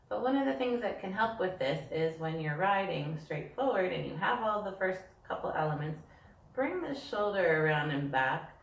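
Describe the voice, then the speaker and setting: A dressage instructor with a low-pitched, creaky voice explains riding technique while demonstrating the moves herself, sitting on a yoga ball indoors. Her manner is practical as she shows and talks. The recording is roomy, with a distant mic and faint hiss.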